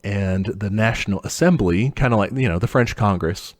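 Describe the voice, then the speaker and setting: A young man co-hosting a podcast, telling history in a loose, profane way and putting on quick mock voices for the people in it. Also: lowish voice. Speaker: podcast co-host. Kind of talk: casual history chat.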